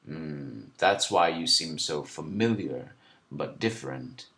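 A cold, hawkish man with nothing-black eyes interrogates quietly, voiced by a male storyteller. His voice sits low and flat. He speaks from a spoken story reading. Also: slow, gravelly, full character voice. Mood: suspicious.

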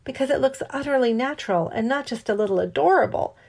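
A woman narrating a novel in a measured, wry storytelling manner. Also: sits high, lively intonation, gravelly, darkish tone, breathy edge. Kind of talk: audiobook narration.

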